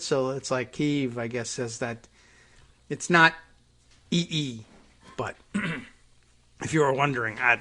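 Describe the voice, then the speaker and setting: A man's voice: medium pitch, fairly bright tone. A man hosting a political talk show, reading news items aloud and breaking off into sarcastic, rambling asides full of fillers. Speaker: podcast host.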